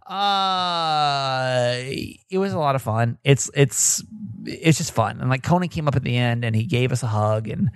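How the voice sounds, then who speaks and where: A man's voice: mid-range voice, a little fast, dry recording. A man hosting a casual podcast, rambling and self-mocking with many hesitations. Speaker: podcast host. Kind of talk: casual chat.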